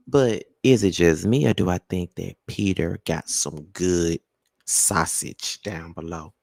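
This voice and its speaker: A man hosting a live celebrity gossip chat, sassy and animated, scolding with sudden high exclaims and drawling "child" and "honey". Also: a little slow, vocal fry, dry recording. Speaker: gossip show host.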